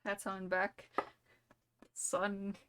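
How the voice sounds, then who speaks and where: A woman's voice: medium pitch, monotone, extremely slow, a bit bright, slight background noise. A young woman streamer, playful and giggly, rambling through an improvised story.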